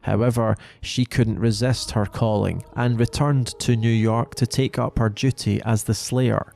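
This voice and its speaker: A man narrating a lore video in a measured, explanatory way. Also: mid-range voice, steady tone, gravelly, a little mellow. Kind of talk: scripted narration.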